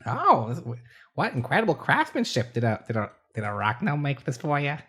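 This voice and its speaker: A woman playing in a tabletop game, playful and excitable, laughing often. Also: very deep voice, normal speed. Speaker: player. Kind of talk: tabletop role-play chat.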